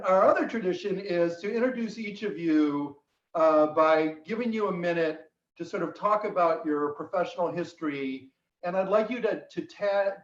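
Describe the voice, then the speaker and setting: A man hosting a virtual roundtable over a video call, halting with many fillers and telling dry jokes. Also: on the high side. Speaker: host. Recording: echoey room, far from mic, dull sound.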